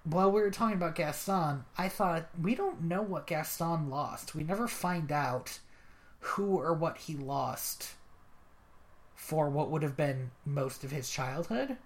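A podcast host talking over a movie in a loose, casual chat. The delivery is chatty and quick, and the host keeps jumping back in with stray afterthoughts. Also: mid-range voice.

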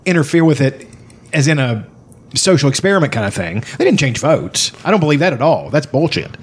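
Co-host: man, husky voice, lively swinging pitch, profane and jokey. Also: fairly quick. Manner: animated, laughing, profane banter. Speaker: podcast co-host. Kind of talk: casual chat.

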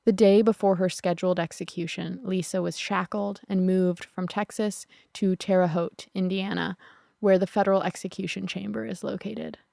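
A woman narrating a true crime podcast in a somber, measured way. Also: medium pitch, steady tone, vocal fry, warm tone, no room sound, clean studio sound.

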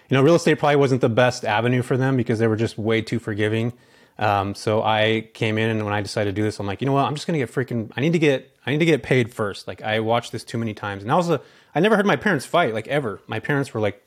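A man as a podcast guest, telling his story casually and animatedly, acting out bits of dialogue between lots of filler words. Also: lowish voice.

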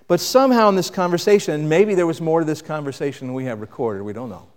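A man preaching a sermon with dynamic delivery, rising to loud emphasis and dropping to quiet reflection. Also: on the high side, lively intonation, fast talker, in a large hall. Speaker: pastor.

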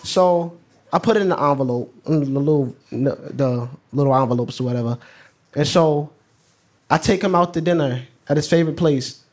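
A man's voice: fairly high pitch, darkish tone. Chatty teenage New guy. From New York. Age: teens. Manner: casual, chatty, slangy, laughs along with his own story. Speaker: student storyteller. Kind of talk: live personal storytelling.

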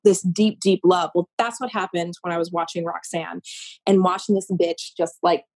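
A woman in her thirties from Maine, a Broadway performer talking in a casual interview, telling stories in an effusive, animated way. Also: fairly low pitch, normal speed. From Maine, USA. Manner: effusive, animated storytelling with lots of "like".

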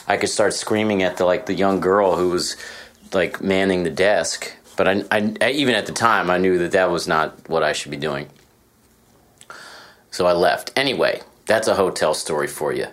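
A man with a very low voice talks in a loose, rambling way, full of asides and swearing. His tone is self-deprecating and casual, as a host chatting from a hotel room. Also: normal speed, fairly bright tone. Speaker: podcast host. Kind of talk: casual monologue.

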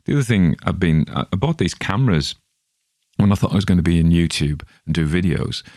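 A middle-aged man with an extremely low, deep voice talks through his week in a loose, rambling monologue. He is chatty and self-deprecating and often restarts his sentences. The sound is dry and close, with no room echo. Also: a little fast, dark tone. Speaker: podcast host.

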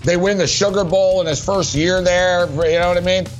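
A man's voice: high voice, fairly even intonation, moderate pace, faint music behind. A middle-aged man hosting a sports radio show, talking bluntly and rambling about betting and football. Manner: rambling, blunt, keeps saying "big man". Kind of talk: casual sports betting talk.

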